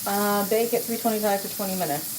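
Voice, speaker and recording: A woman's voice: medium pitch, quick pace, background noise. A woman hosting a casual cooking livestream, chatting to viewers and talking herself through each step as she works. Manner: chatty, talks to herself and answers chat while cooking. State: out of breath at times. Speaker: livestream host.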